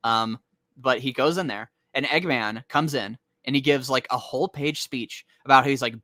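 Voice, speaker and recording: A man co-hosting a casual comic discussion, animated and acting out quotes with laughs. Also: medium pitch, normal speed, no room sound. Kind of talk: casual chat.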